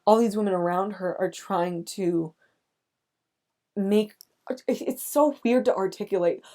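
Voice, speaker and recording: A young woman hosting a podcast, recapping a film in casual chat, speaking in halting restarts with nervous laughs as she gets emotional. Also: mid-range voice, a little mellow. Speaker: podcast host.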